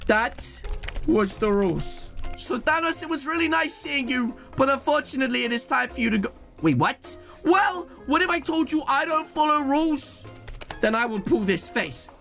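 A young man giving excited gameplay commentary as a YouTube host, exclaiming and talking straight to his viewers. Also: very high-pitched, normal speed, gravelly, faint music behind. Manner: hyped, exclamatory, addresses viewers as guys. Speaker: gaming YouTuber.

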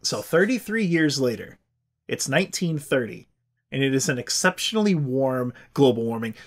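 A man's voice: mid-range voice, big pitch swings, brisk. Male podcast host, casual profane storyteller, everyday mid-range voice. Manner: profane, loose and chatty, acts out quotes.

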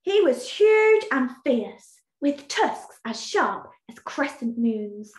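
A woman teacher reading a storybook aloud in an expressive, sing-song way, then explaining a task in an online lesson. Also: high voice, slow pace, hardly any pauses. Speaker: primary school teacher. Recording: echoey room.

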